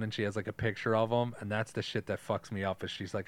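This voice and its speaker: A man's voice: on the low side, level tone, fairly quick. A man co-hosting a podcast, talking loosely about a movie and its book, swearing and joking. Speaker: podcast co-host. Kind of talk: casual movie discussion.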